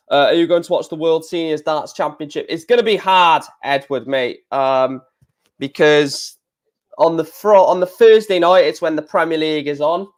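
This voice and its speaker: Male streamer, slightly raised pitch, casual rambling score updates. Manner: chatty, reads out scores and chat, many fillers. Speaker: live stream host. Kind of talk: casual live-stream commentary.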